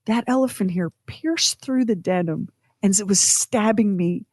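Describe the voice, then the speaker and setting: A woman co-hosting a podcast, telling a personal story in an animated, self-deprecating way with acted-out quotes. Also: mid-range voice, unhurried, no echo, studio quality. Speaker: podcast co-host.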